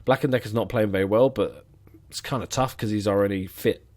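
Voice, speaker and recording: A man with a fairly low voice talks through a football management match. He mutters dry, sarcastic asides and casual commentary as the game plays. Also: a little fast, a little mellow. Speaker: gaming commentator.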